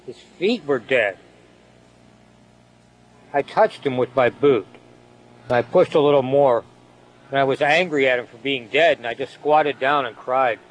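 A man voicing a young male soldier writing home to his sister, halting and frightened. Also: medium pitch, natural voice, low-quality recording.

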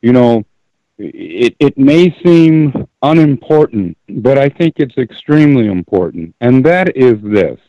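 A man calling in to a radio show, making his point deliberately and emphatically and repeating key phrases. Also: medium pitch, sing-song, dry recording. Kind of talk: call-in radio commentary. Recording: dull lo-fi call audio.

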